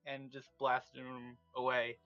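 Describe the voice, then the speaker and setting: Hesitant man with a very bright, dry voice. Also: medium pitch, monotone, slow pace, dry recording, highs cut off, faint music behind. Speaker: player. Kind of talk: casual tabletop role-play.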